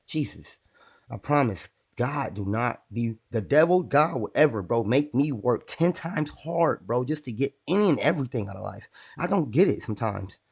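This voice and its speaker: A man's voice: medium pitch, animated, moderate pace, vocal fry, slightly rough. A young man on a casual livestream, rambling and irritated as he talks to his chat. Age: young adult.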